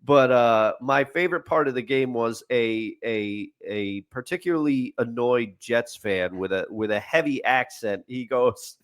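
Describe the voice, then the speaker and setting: Here a man with a medium-pitched voice speaks a little slowly, with few pauses. He's co-hosting a casual sports chat podcast, wandering through stories, restarting sentences, and laughing at what he tells.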